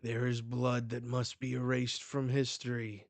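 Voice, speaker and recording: A man's voice: mid-range voice, completely flat delivery, a little slow, creaky, no room sound. A man reading the lines of a desperate, commanding male pirate captain from a manga. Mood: urgent.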